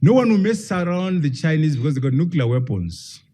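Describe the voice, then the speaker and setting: A man's voice: fairly high pitch, very animated, fairly quick, mellow, a little hiss or hum. A man, a professor, giving an emphatic public lecture and firing rhetorical questions at his audience.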